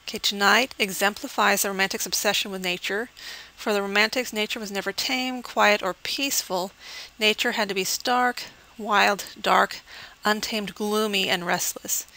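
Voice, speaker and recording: Gravelly, bright-voiced woman teaching poetry. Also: mid-range voice, steady tone, rough recording. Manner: teacherly, explains step by step with frequent "okay" checks; reads the poem slowly and measured. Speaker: English professor. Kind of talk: recorded lecture on poetry.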